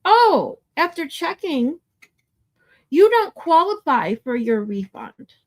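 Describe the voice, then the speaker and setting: A woman quoting a high-voiced phone company service rep who brushes off complaints with flat, scripted apologies. She sounds like a plain customer service voice, not a big character turn. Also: slow pace, exaggerated voice. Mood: dismissive.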